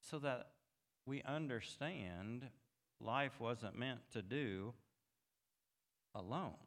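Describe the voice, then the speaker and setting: A man preaching a sermon as pastor, moving from quiet reflection to emphatic, rising passages. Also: medium pitch, lively intonation, extremely slow. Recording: long hall reverb.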